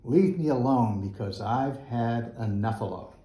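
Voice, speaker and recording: A man voicing a grumpy, huffy male buffalo in a storybook, loud and blustering, in an echoey school room. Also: medium pitch, measured pace, natural voice.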